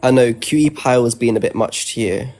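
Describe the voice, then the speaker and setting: A man chatting casually on a live stream, throwing out teasing slang compliments. His voice has a gravelly, creaky edge. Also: mid-range voice, a little fast, darkish tone. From outside the US.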